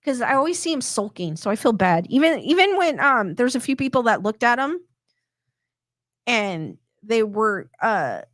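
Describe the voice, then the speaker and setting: Chatty woman with a higher voice, dry sound. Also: very animated, normal speed, a bit bright, dry recording. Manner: chatty, rambling with many restarts; reads viewer comments aloud. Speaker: host reading chat comments. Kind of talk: casual live-stream chat.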